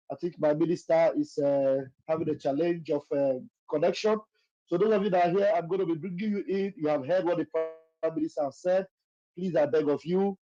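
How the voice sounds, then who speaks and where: A high-pitched man moderates a live online session, formal and courteous with frequent pauses. His voice is mellow and dark in tone. The audio is dry and dull, like a lo-fi internet call. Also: no room sound.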